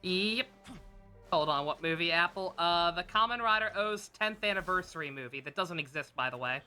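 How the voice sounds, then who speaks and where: Bright, swearing woman streamer. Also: on the low side, moderate pace, clean tone, faint music behind. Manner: sarcastic, swears often, excitable outbursts. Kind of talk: casual chat over gameplay.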